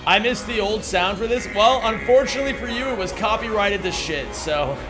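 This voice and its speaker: A man streaming a speedrun, excitable, swearing freely and bantering with his chat. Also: sits high, brisk, music in the background. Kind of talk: live-stream commentary while playing.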